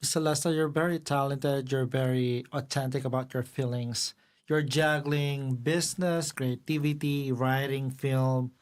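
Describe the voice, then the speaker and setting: A man hosting an interview podcast, asking questions politely and encouraging his guest with soft affirmations. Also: mid-range voice, fairly even intonation, a little slow. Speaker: podcast host.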